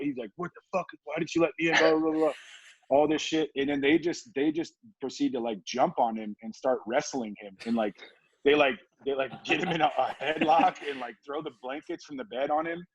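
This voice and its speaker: Man, from Southern California, podcast guest, relaxed storytelling, laughs often, swears casually, dull dry sound. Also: on the high side, a little fast, gravelly, husky, no echo. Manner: laid-back, laughing, swearing, many fillers like "like". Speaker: podcast guest, former football player.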